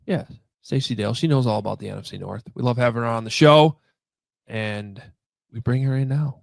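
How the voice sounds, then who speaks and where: A man's voice: medium pitch, fairly quick, vocal fry, dry recording. A man co-hosting a sports podcast, chatty and loose, with lots of fillers. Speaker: podcast co-host. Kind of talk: casual podcast chat.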